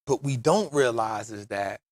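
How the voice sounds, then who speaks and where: A podcast host in his 40s tells stories emphatically on a casual show, dropping "bro" and "real talk" often. He speaks at a medium pitch, unhurried.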